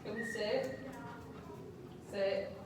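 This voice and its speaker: A woman offers short, quiet words of encouragement at a very slow pace. She stands far from the mic, and her voice rings in a heavily echoing room. Steady noise sits underneath her voice. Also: mid-range voice. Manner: quiet, brief encouraging remarks. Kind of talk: casual chat. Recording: distant, very echoey and noisy.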